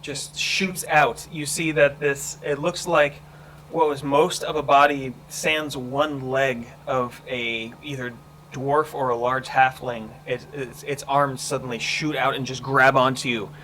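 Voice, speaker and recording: A man running a tabletop game as game master, narrating slowly with frequent ums and pauses. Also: medium pitch, bright, forceful tone, slight background noise. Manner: measured, deliberate narration with many ums.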